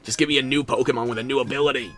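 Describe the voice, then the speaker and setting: A man's voice: mid-range voice, fairly even intonation, very fast, fairly bright tone, faint music behind. A tired man streaming a video game, talking in a sardonic, theatrical way. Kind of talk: game commentary.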